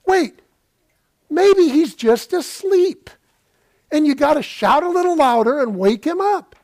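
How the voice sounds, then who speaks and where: Preacher doing a mocking old prophet in a sermon retelling, taunting his rivals, pitched up. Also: lively intonation, unhurried, darkish tone. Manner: mocking, teasing.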